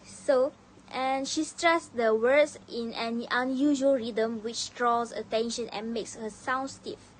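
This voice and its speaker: A young woman student reading a prepared class presentation, pausing often to collect herself and slipping on words now and then. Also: a little high, steady tone, rough recording. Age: young adult. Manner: reads carefully with frequent "uh" pauses and slips.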